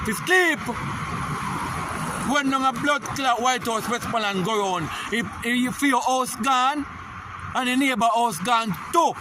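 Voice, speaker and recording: A man's voice: very high-pitched, very noisy. A man with a Jamaican accent giving a heated, profane political rant, repeating "you hear?" often.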